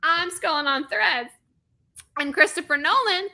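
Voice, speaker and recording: A woman's voice: very high voice, a little slow, sharp tone. A woman in her thirties co-hosting a podcast, delivering a comedic, exasperated rant full of sarcasm and swearing. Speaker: podcast co-host.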